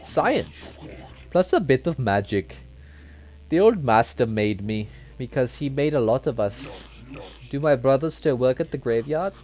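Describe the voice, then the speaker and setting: A man's voice: mid-range voice, lively intonation, measured pace, darkish tone, voice pushed up, natural voice. A man voicing a polite, lonely undead zombie chained in a dungeon, speaking with exaggerated courtesy and a put-on German accent. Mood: chatty. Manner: overly courteous, formal.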